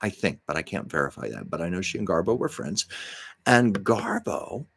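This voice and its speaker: A man's voice: low voice, very animated, moderate pace, gravelly, fairly bright tone, husky, dry recording. A man hosting a livestream from home, telling rambling, chatty stories and often correcting himself. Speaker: livestream host. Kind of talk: casual storytelling chat.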